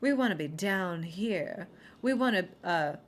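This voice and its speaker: Woman doing a southern belle, put-on American Southern drawl, syrupy and mocking, lowish voice. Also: lively intonation, unhurried.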